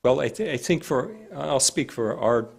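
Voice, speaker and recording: A man speaking as a public health director at a county board meeting, measured and halting with frequent restarts. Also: mid-range voice, expressive, vocal fry, breathy edge.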